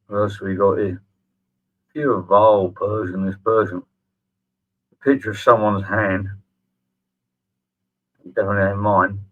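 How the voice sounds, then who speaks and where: A middle-aged man sneers his way through a mocking response video, swearing freely. He talks slowly in a lowish voice. The sound is thin and phone-like. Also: little pitch movement. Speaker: channel host. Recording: tinny phone-like audio.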